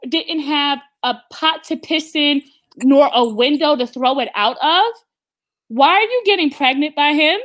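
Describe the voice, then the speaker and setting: A woman's voice: sits high, measured pace, a bit bright. A woman hosting an opinionated live talk stream, blunt and emphatic, often stammering and restarting her sentences. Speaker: host.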